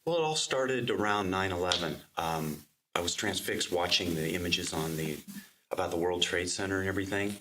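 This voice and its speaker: A man speaks earnestly and reflectively as an interview guest. His voice is very deep yet bright. The mic sits some way off, with a faint hiss. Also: distant mic. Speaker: interview guest, search dog handler. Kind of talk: studio interview.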